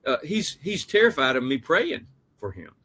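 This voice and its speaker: A man's voice: a little high, sing-song, moderate pace, bright, forceful tone, breathy edge. A man, an author, telling a personal story in an earnest, anecdotal way during an interview. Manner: earnest, anecdotal, with frequent restarts. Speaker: author and guest.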